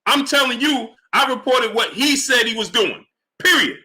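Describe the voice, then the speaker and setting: A man hosting a sports livestream, talking fast and exasperated, firing rhetorical questions and greeting chatters in a low mutter. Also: animated, sharp tone. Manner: exasperated, rhetorical, repeats himself. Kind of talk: live stream commentary, reading chat.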